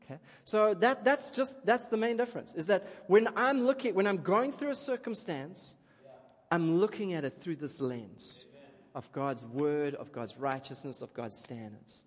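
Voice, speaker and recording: High-voiced man preaching in an echoing hall. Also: normal speed. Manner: animated, chatty, keeps asking "okay?". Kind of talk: sermon. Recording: long reverb of a large hall.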